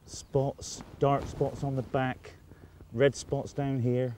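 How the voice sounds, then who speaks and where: A man's voice: mid-range voice, flat delivery, slow pace, dark tone, a little hiss or hum. A man presenting a fishing show outdoors on a riverbank, talking with admiring enthusiasm, half to himself. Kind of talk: casual outdoor presenting to camera.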